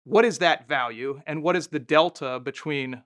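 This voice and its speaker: A man's voice: fairly high pitch, normal speed, a bit bright. A former mayor, a man, telling candid stories as a guest in a conversational interview. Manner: candid, anecdotal, thinking aloud.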